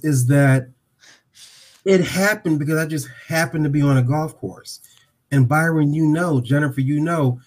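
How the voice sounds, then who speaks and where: Man in his 60s, podcast guest, animated storyteller, acts out the dialogue. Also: on the high side. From Dayton, Ohio.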